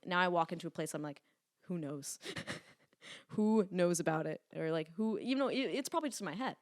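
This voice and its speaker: A woman's voice: fairly low pitch, fast, no echo. Young woman guest, candid and rambling, dry close sound. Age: about 20. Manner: chatty, animated storytelling with frequent "like" and swearing. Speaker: podcast guest, lifting influencer. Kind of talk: casual candid chat.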